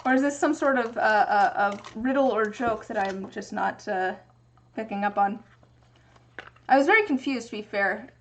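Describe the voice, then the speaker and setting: A woman's voice: mid-range voice, normal speed. A young woman from the US Pacific Northwest chatting casually and thinking aloud during a livestream from her home craft workspace. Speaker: streamer making resin dice.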